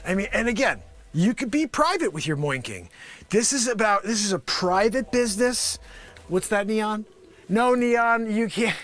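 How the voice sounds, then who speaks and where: Hosting a live improv comedy and music show, a manic, high-voiced man pitches a product to investors in an improvised comedy bit. Talking at normal speed, he's lively, rambling, and sarcastic, swinging between loud outbursts and muttering.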